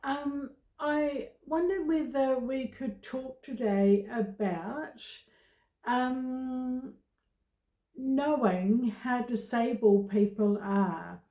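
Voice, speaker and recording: A woman vlogger talking to camera about her own experience, in slow, halting speech with many pauses and fillers. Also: fairly high pitch, warm tone, roomy sound. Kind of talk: casual personal talk to camera.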